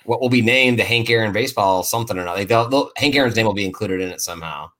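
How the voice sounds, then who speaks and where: A man with a fairly low voice hosts a relaxed sports podcast chat. He talks loosely and jokily, often laughs, and trips over and repeats words as he goes. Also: rapid-fire, a crowd in the background. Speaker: podcast host.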